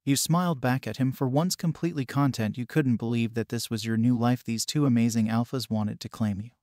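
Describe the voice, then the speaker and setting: A man reads a second-person romance story in a steady, unhurried storybook delivery. His voice sits at a middling pitch. The recording is dry, with no audible room. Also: dry recording. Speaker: narrator. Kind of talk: second-person fan fiction reading.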